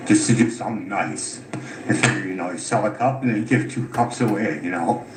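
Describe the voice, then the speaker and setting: A man's voice: on the low side, fairly quick. A tired, frustrated man recounting his grievances, swearing often as he talks. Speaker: caller telling his story. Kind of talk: unscripted recorded account. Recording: echoey room with loud background noise.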